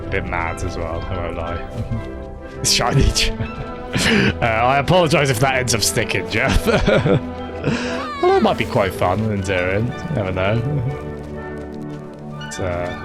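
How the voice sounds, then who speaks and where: A man's voice: sits low, lively intonation, moderate pace, loud music behind the voice. A man giving live commentary on a game, chatting with viewers and laughing often. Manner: chatty, laughs often, talks to chat by name. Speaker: game streamer.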